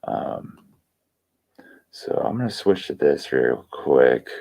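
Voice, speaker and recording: A man hosting a livestream, swearing constantly as he rants excitedly and reads out viewer shout-outs. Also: very deep voice, slow, creaky. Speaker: livestream host. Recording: dull lo-fi stream audio.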